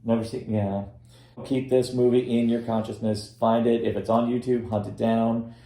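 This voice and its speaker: A man with a medium-pitched, warm voice speaks at normal speed with a flat delivery. Co-hosting a casual film review podcast, he rambles with many restarts in an echoey room.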